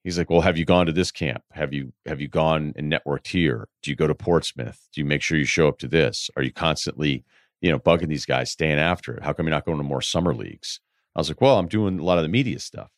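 A man's voice: very deep voice, quick pace, no room sound, studio quality. A man hosting a podcast, giving candid, rambling advice in casual chat, swearing now and then and acting out quoted people in his stories. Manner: acts out quoted voices in anecdotes. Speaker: podcast host.

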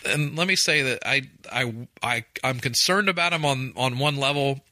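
Bright-voiced man co-hosting a podcast. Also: mid-range voice, no echo. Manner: rambling, quick restarts and quoted asides. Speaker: podcast co-host. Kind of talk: casual chat.

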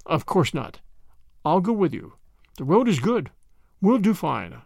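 A man voicing a courteous, mysterious stranger who speaks calmly and politely. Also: a little high, measured pace, creaky, no room sound, studio quality, heavily acted. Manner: calm, courteous.

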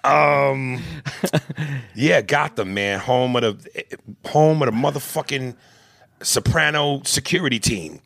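On a comedy podcast, a co-host works through a listener's email aloud, tossing in crude jokes and putting on voices. He speaks slowly at medium pitch with vocal fry and a slightly bright tone, in a dry recording.

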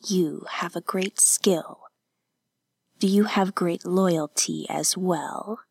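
A woman voicing a scheming, menacing male samurai lord in a hushed whisper, as whispered role-play in an audiobook. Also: high-pitched, fairly even intonation, takes it slowly, creaky, breathy edge, dry recording, studio quality, heavily acted. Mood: conspiring.

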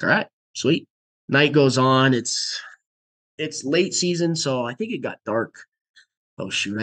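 A man's voice: medium pitch, fairly bright tone, breathy edge. A young man, a podcast guest, telling a story in casual talk and acting out the quoted dialogue, at times in a whisper.

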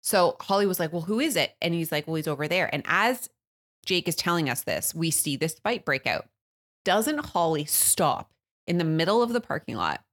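A woman, co-hosting a podcast, telling a story in an animated way, laughing often and acting out loud quotes. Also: sits low, normal speed. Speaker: podcast co-host. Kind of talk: casual storytelling chat.

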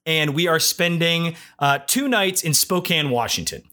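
A man from the Midwest who hosts a podcast and tells a story in an animated, jokey, profane way. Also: a little high, measured pace. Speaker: podcast host. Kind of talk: comedic storytelling chat.

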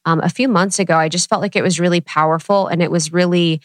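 A woman hosting a podcast, speaking reflectively with a lowish voice. The sound is dry and close, with no room echo. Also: steady tone, fast. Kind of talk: podcast conversation.

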